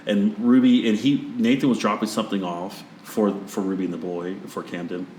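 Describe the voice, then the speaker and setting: A man hosting a podcast, chatting casually and telling animated stories that act out what people said. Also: on the low side, normal speed, a little hiss or hum. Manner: animated storyteller acting out quotes. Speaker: podcast host. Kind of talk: casual conversation. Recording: roomy echoey sound.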